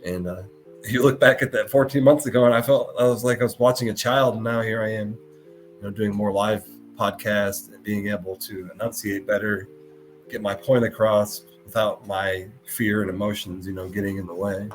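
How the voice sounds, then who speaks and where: A man's voice: fairly low pitch, steady tone, moderate pace, soft background music. A man hosting a live podcast, talking in an earnest, emotional way and often stopping to repeat and restart his words. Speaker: podcast host.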